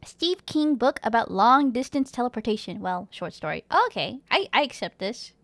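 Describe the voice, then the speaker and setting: A woman's voice: fairly high pitch, expressive, moderate pace, fairly bright tone, dry recording. A woman streamer chatting casually with her viewers in a rambling, giggly way, reading chat aloud and humming now and then.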